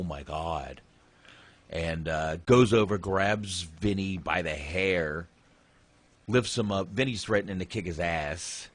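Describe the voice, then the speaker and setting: A man's voice: low-pitched, a bit bright. A man hosting a casual movie review podcast, retelling scenes in a rambling, profane way. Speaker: podcast host.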